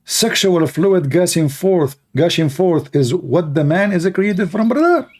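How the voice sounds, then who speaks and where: A man's voice: fairly high pitch, measured pace, darkish tone. A man giving sarcastic, mocking livestream debate commentary in broken English. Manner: broken, non-native English phrasing. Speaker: online debater.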